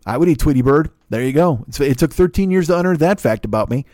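A man's voice: fairly high pitch, lively intonation, quick pace, darkish tone, no room sound, studio quality. A man hosting a podcast, delivering a rambling, profane comedic monologue full of restarts and stammers. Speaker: podcast host.

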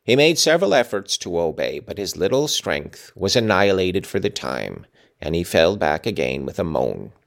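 A man reading a classic novel aloud in an expressive, dramatic way, with his own asides. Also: sits low, moderate pace, creaky. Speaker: reader. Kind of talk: audiobook reading with commentary.

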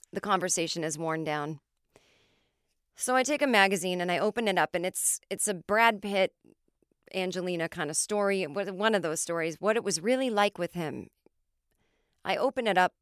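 Clear-voiced American woman telling comic stories. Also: lowish voice, no echo, studio quality. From United States. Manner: animated, swears freely, acts out quotes. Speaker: podcast host, comedian. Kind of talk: comic storytelling monologue.

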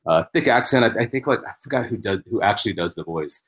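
A man's voice: lowish voice, lively intonation, fast talker, a bit bright. A man who is a comedian, telling stories animatedly as a podcast guest, with many restarts. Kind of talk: casual podcast chat.

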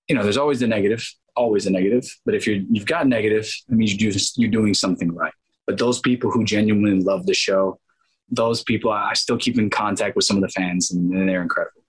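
A man in his thirties, an actor being interviewed, telling animated stories and acting out the people in them with many asides and restarts. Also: on the low side, husky, poor audio. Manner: acts out quoted voices, many restarts and asides. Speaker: actor guest.

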